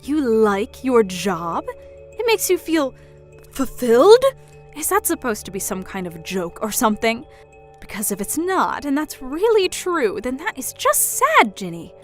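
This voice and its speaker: A woman's voice: sits high, very animated, measured pace, soft background music. A woman playing a scornful, controlling mother. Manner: mocking, belittling, pushy.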